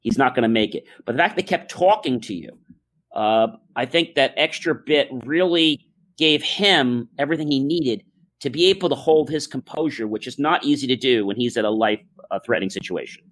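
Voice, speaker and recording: Guy hosting a talk show, calm earnest storyteller, lots of uhs, regular pitch voice. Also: normal speed. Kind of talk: casual podcast talk.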